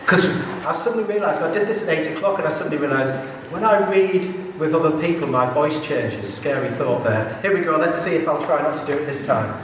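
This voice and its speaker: A man preaching a sermon in a church, earnest and conversational with quick asides. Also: on the high side, slight background noise. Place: church hall. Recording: echoey hall, heard from a distance.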